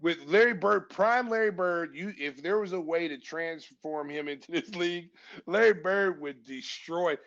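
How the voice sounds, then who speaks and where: A man in his fifties from Oklahoma, a former basketball player and podcast guest, telling stories in a casual, animated way and acting out the voices of people he quotes. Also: on the high side, moderate pace. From Oklahoma, USA. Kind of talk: casual storytelling. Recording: dull lo-fi podcast recording.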